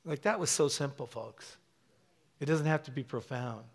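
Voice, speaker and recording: A man's voice: medium pitch, moderate pace, creaky, breathy edge. A middle-aged male pastor preaching a sermon with stories, calling out to the congregation, with many fillers and restarts. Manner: animated, call-and-response, many fillers and restarts.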